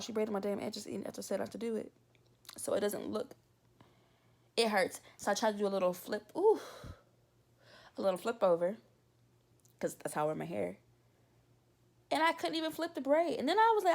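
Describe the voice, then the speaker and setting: A woman's voice: mid-range voice, creaky. A young woman telling a casual, exasperated storytime in a vlog. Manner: animated, exasperated and talkative. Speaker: vlogger.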